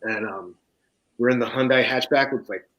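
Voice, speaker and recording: A man's voice: medium pitch, moderate pace, a bit bright, poor audio. A man telling a raw personal story on a casual talk show, swearing often, laughing, and acting out the other people in it. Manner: profane, laughing, acts out quoted voices. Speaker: guest author.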